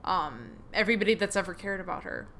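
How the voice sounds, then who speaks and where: A woman's voice: medium pitch, expressive, fast talker, fairly bright tone, slight background noise. A young woman commenting casually while playing her own game, hesitant and a little nervous.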